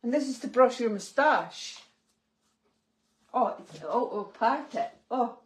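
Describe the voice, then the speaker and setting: A woman's voice: a little high, expressive, slow pace. A young adult woman, co-hosting a haul review with playful, indignant banter and laughter. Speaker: vlogger co-host. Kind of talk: casual joking banter.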